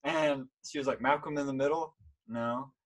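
A man's voice: mid-range voice, fairly even intonation, normal speed, creaky, rough recording. A young man hosting a casual interview, rambling and heavy on "like" and "um". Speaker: podcast host.

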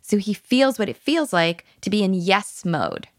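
A woman parenting coach who talks emphatically and dips into a hushed whisper when she models soothing words to a child. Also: medium pitch, big pitch swings, unhurried, dry recording, studio quality.

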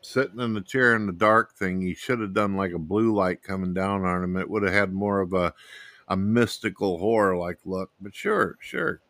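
A man's voice: sits low, normal speed, fairly bright tone. A man hosting a casual talk show, blunt and plain-spoken as he chats with a guest. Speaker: host. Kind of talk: casual chat.

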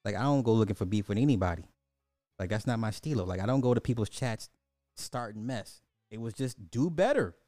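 Animated slangy livestream host, man. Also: lowish voice, fairly quick, no echo, studio quality, faint music behind. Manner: animated, repetitive, swears, slangy. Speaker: livestream host reading chat. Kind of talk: casual livestream chat.

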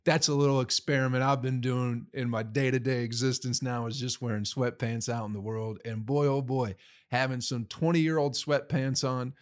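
A man's voice: medium pitch, steady tone, normal speed. A man telling stories in a casual, rambling monologue, full of swearing, recorded in a room at home. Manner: profane, rambling and laid-back. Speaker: touring comedian recapping shows.

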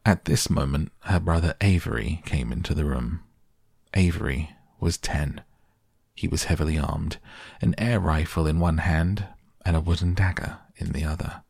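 A man reading a children's novel aloud as a calm bedtime audiobook, with a gravelly, husky voice. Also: extremely low pitch, moderate pace, no room sound, studio quality. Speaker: audiobook narrator.

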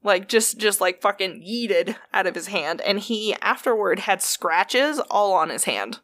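A woman retelling stories in a loose, chatty way, swearing freely and padding her sentences with fillers. Her voice sits at a middle pitch, and she moves at an ordinary pace. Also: expressive, unhurried, a bit bright. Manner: chatty, profane, heavy on fillers. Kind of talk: casual storytelling.

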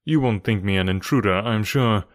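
A man voicing a calm, cerebral male detective who speaks in a measured, assured way. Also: fairly low pitch, no room sound, studio quality, close to an everyday voice.

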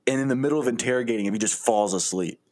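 A man's voice: medium pitch, very fast, darkish tone. A young man co-hosting a podcast, chatting casually, laughing often and acting out characters. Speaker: podcast co-host. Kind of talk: casual brainstorming chat.

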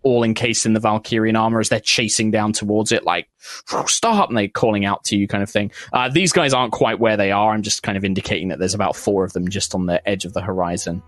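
A man's voice: fairly low pitch, steady tone, fast talker, few pauses, no echo. A man narrating as game master of a tabletop game, rambling with many fillers and restarts.

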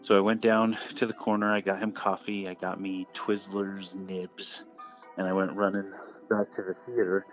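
A man's voice: deep voice, level tone, normal speed, lo-fi sound, soft background music. A man telling a ghost story about an old theater in a casual, rambling way, with many fillers and restarts.

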